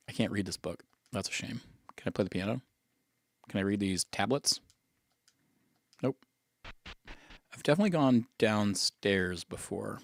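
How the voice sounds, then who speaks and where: A man's voice: on the low side, lively intonation, unhurried, gravelly, pauses often, no echo, studio quality. A man streaming a game live, chatting casually and thinking aloud as he plays. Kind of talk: casual gameplay commentary.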